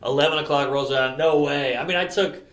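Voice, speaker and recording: A male comedian telling a rambling comic story in an animated way, acting out other people's lines. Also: fairly high pitch, fast. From New York. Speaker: comedian guest. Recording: roomy echo.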